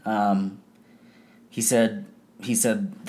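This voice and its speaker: A man's voice: lowish voice, drawn-out words, long pauses, a little mellow. Young man telling a rambling story. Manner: loose, profane, rambling with many fillers. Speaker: podcast host. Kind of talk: casual storytelling monologue.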